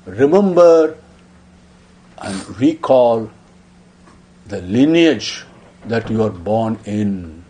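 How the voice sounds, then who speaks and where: A man voicing an elder king who gravely urges a boy to be courageous. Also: lowish voice, very animated, very slow, long pauses, dark tone, heavily acted. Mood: exhorting. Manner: solemn, exhorting.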